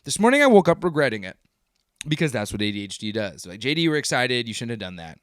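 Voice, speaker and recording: Rambling, animated man in his thirties. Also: mid-range voice, fast, no room sound, studio quality. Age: 30s. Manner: rambling, animated, self-interrupting. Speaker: live stream host. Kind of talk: casual livestream monologue.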